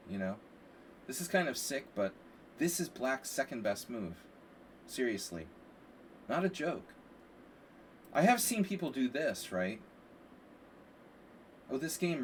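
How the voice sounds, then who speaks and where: Rambling chess coach, distant mic. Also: male voice, medium pitch. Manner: rambling and animated, frequent "like" and "you know". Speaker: chess coach streaming a lesson. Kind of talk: casual live-stream commentary. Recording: distant mic with faint background hiss.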